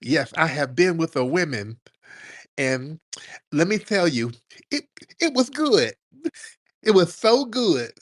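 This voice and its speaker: A man doing a high, swooning boastful guy. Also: sing-song, slow, pauses often, heavily acted. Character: flamboyant man boasting unconvincingly about women.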